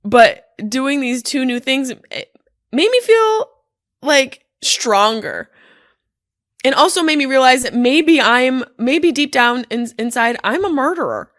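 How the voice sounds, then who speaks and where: Animated, profane woman telling stories. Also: high-pitched, takes it slowly, no room sound, clean studio sound. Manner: animated, profane, self-deprecating. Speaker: podcast guest, comedian. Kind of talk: casual storytelling monologue. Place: hotel room.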